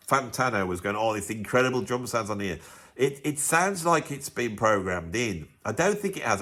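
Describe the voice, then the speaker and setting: A man talks through albums in a casual, opinionated review. He is blunt and animated, often restarting his sentences. His pitch moves a lot, dropping low and then jumping up when something excites him. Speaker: music reviewer and drummer.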